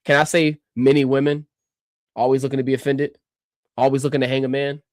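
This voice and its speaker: A man's voice: medium pitch, level tone, brisk, a little mellow, no room sound. Male streamer, combative reaction rant, mocking, dry and close. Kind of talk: ranting reaction commentary.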